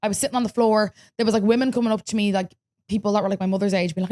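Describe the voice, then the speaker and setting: A young Irish woman hosting a podcast, telling a story in casual chat, lively and swearing freely as she acts out what people said. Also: mid-range voice, racing. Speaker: podcast host.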